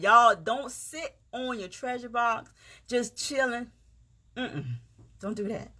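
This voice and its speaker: A woman's voice: fairly high pitch, expressive, slow, bright, forceful tone. A woman with a Gullah Geechee accent from South Carolina, giving a heartfelt, folksy pep talk straight to her viewers. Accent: Gullah Geechee, South Carolina Lowcountry. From South Carolina, USA. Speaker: vlogger, motivational speaker. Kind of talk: casual encouraging monologue.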